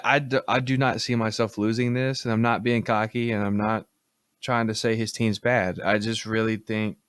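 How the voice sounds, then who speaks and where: Brief: male co-host, mid pitch, dry close sound, teasing and hedging. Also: a bit bright, dry recording. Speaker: podcast co-host. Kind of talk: casual fantasy football chat.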